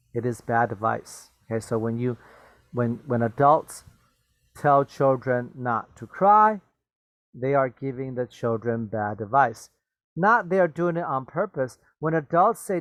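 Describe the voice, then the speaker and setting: A man's voice: medium pitch, no echo. A man teaching English vocabulary, repeating and explaining words and slipping into glosses, checking in with "okay?" and "right?". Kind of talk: bilingual vocabulary lesson.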